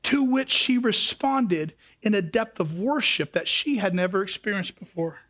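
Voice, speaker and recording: A male pastor preaching a sermon, swinging between impassioned shouts and quiet asides. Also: high voice, lively intonation, moderate pace.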